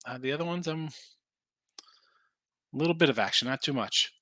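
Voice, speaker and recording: A man's voice: fairly high pitch, a little fast, sharp tone, no echo. A man hosting a sports betting show, casually running through picks and answering viewers. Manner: loose, rambling, answers chat comments. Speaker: sports betting podcast host.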